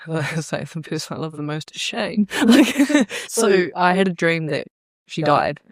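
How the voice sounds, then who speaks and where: A young woman, a podcast guest telling animated stories in casual chat, swearing often and acting out quotes. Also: sits low, slow pace, no room sound.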